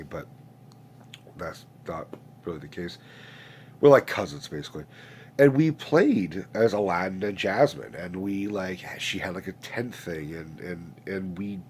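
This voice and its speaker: Stuffed-up guy, late 20s, low voice, rambling and swearing, faint hum behind. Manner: rambling, profane, many restarts. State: congested, stuffed-up nose. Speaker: host. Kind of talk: casual rant.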